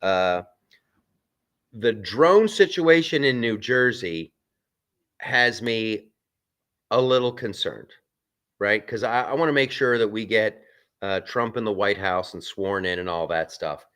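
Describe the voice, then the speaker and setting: A man's voice: fairly low pitch, takes it slowly, pauses often, a bit bright, smooth. A man hosting a live stream from a film set. He chats casually, reads out viewer comments and rambles with restarts and asides.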